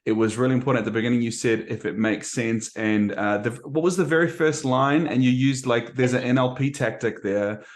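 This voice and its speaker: A man's voice: medium pitch, brisk, few pauses. Hesitant man hosting a video call. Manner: hesitant, hedging, polite. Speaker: host of the coaching call. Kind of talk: casual chat on a video call.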